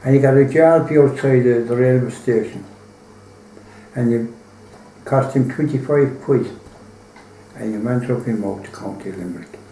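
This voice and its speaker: A man's voice: medium pitch, measured pace, long pauses, warm tone, reverberant, slight background noise, rough recording. An Irish man telling a folk tale in a rambling, colloquial way, full of swearing. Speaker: storyteller.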